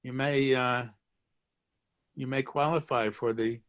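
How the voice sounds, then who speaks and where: A man's voice: mid-range voice, steady tone, slow pace, fairly bright tone. A man teaching a live online language lesson, joking, encouraging and repeating phrases for his students. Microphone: video call.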